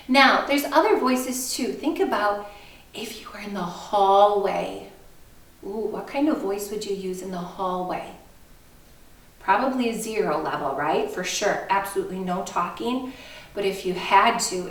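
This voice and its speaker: A woman music teacher leading a kindergarten lesson, talking in a slow, sing-song, animated way and breaking into song. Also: mid-range voice, roomy sound, recorded from a distance.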